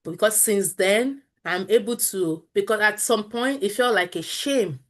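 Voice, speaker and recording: A woman's voice: mid-range voice, a little slow. A woman in her thirties from Nigeria with a Nigerian accent, a guest telling a personal story candidly and earnestly, with Pidgin phrases mixed in. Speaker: interview guest.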